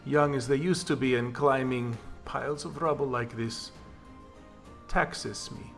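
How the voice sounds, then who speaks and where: A man voicing a frail, kindly and sly old woman fortune teller who talks gently, slowly and courteously, in a tabletop game. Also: medium pitch, fairly even intonation, gravelly, faint music behind. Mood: gentle.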